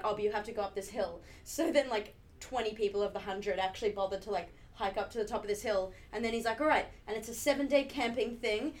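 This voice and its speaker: Chatty woman retelling a show. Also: mid-range voice. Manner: animated storyteller, acts out the people in her stories. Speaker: podcast co-host. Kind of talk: casual chat.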